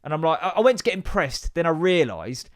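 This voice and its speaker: A man hosting a podcast, telling comic stories in a sweary, animated, sarcastic way. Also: a little high, fairly quick, no room sound, clean studio sound. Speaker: podcast host. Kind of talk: comic storytelling monologue. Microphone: podcast microphone.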